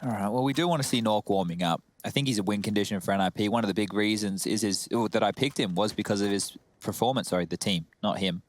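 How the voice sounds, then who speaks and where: Low-voiced analytical male esports caster. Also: fast, few pauses. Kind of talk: play-by-play commentary.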